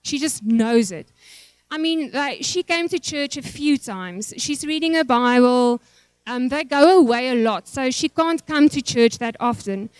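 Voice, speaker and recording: A woman's voice: high-pitched, lively intonation, a little slow, clean tone, dry recording. A woman, a pastor's wife, telling an emotional, rambling church testimony. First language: Afrikaans.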